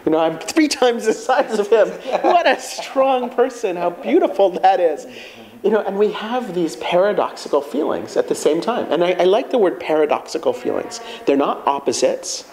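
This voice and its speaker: Man, reflective, storytelling, slightly high voice, conversational. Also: fairly quick, few pauses, low-quality recording. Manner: reflective, storytelling, animated quoting of himself. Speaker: guest speaker. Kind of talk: conversational talk.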